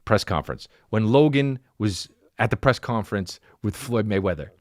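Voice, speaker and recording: A man's voice: fairly low pitch, animated, normal speed, no room sound, studio quality. A man hosting a podcast, ranting casually in a profane, rambling way, full of restarts as he tells a story. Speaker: podcast host. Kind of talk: casual comedic rant. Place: podcast studio.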